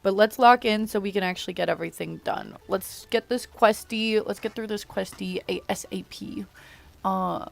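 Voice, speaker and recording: A woman streamer chatting casually with viewers in a raspy morning voice, rambling with lots of fillers and restarts. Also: medium pitch, fairly even intonation, normal speed. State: groggy morning voice, just woke up. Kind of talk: casual livestream chat with viewers.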